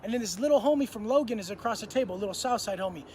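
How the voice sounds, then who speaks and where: Speaking very fast, a thirty-something man spins prison tales for the camera in a casual, profane, slang-laden way. His high, animated voice has a darkish tone, and there's slight background noise.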